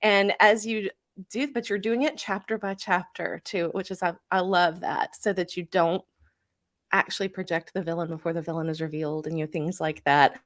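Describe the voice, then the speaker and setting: An author chatting casually on a live stream, talking loosely with lots of "you know"s. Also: female voice, fairly low pitch, steady tone, normal speed.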